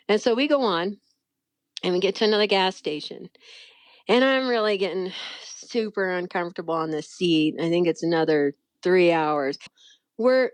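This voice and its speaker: A middle-aged woman tells a personal story in an easy, conversational way. Her voice leaps up sharply whenever she acts out what someone said. The sound is close and dry, with no room echo. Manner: animated, acts out quoted voices with big pitch jumps. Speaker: guest telling a faith story. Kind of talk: casual storytelling.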